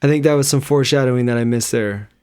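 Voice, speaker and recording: A man of middling pitch chats casually as a podcast co-host. He drops in blunt, joking interjections while the film gets discussed. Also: fast talker, warm tone, smooth. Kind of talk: casual film review chat.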